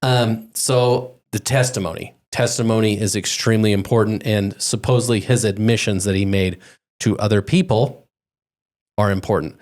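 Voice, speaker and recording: A man's voice: fairly low pitch, fairly even intonation, normal speed, darkish tone. A man hosting a podcast, steering the conversation and walking through news cases. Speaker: podcast host. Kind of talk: casual podcast chat.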